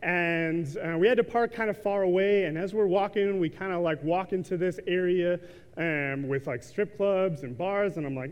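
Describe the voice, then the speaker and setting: A man in his thirties preaches a sermon in a church sanctuary, telling a story casually with lots of ums and likes. His high-pitched voice is clear and resonant at normal speed, recorded in a reverberant church hall.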